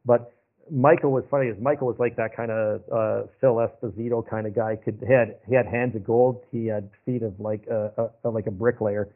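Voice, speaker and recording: A man's voice: fairly low pitch, fairly even intonation, fairly quick. A man telling long, rambling hockey stories in a casual chat, repeating himself as he goes. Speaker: podcast guest. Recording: phone-like narrow sound.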